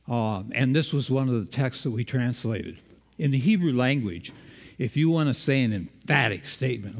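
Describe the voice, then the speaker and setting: A man's voice: medium pitch, darkish tone, long reverb tail. A man preaching a sermon, engaging the congregation with questions.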